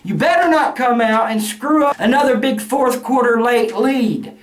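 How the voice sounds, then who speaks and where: A middle-aged sports fan vents in a profane, angry rant full of cussing and loud outbursts. His voice is very high-pitched at a normal speed, recorded with roomy echo and faint noise.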